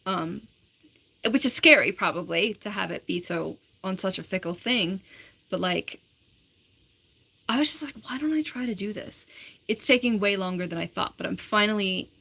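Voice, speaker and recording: A woman's voice: medium pitch, vocal fry, a bit bright. A woman hosting her own live stream. She chats casually, reads out viewer comments, giggles often and says "like" a lot. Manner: chatty, giggly, full of "like". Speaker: livestreamer.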